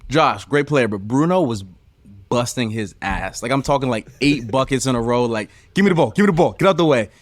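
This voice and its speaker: A man co-hosting a podcast, telling a story with lots of profanity in a lively way. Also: mid-range voice, dry recording. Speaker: podcast co-host, ex-player. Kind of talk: casual chat.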